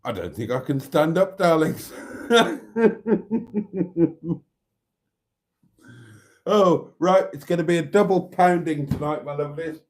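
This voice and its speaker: A middle-aged man hosts a late-night livestream, casually chatting as he reads comments, his voice fairly high, animated, at a moderate pace with few pauses. He's tired but cheeky and talkative, laughing often.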